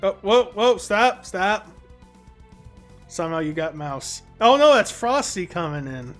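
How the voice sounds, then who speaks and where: Brief: higher-pitched man, casual stream host, cussing while he runs the matches, faint music under him. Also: lively intonation, a little slow, fairly bright tone. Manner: swears casually while directing players. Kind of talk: casual gaming stream chat.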